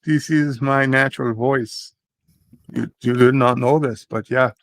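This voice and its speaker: A man's voice: mid-range voice, steady tone, measured pace, a bit bright, no room sound. A man chatting casually on a podcast, joking around in a put-on Scottish accent. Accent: fake Scottish. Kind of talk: casual chat.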